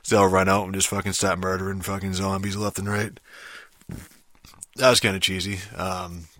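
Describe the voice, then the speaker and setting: A man with a rough throat, ranting casually and rambling, swearing constantly and restarting his sentences. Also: low voice, flat delivery, normal speed, fairly bright tone, dry recording. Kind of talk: casual rant.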